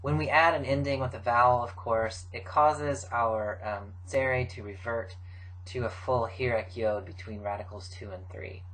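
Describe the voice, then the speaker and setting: A middle-aged man giving a recorded grammar lecture, explaining forms in a measured way with frequent fillers. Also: mid-range voice, steady tone, a bit bright, a little hiss or hum, rough recording. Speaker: Biblical Hebrew teacher.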